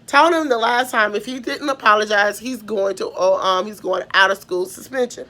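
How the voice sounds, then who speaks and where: A woman's voice: mid-range voice, normal speed, bright, forceful tone. A woman from Mississippi with a Southern American accent, telling a personal story in a rambling way, full of restarts and trailing "da, da, da" fillers. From Mississippi, USA. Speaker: vlogger.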